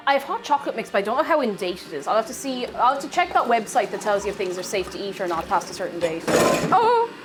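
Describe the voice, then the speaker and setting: Girl streaming from her kitchen, bubbly, voice goes up and down loads, chatting to chat while she bakes. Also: on the high side. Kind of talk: casual live-stream chat while baking.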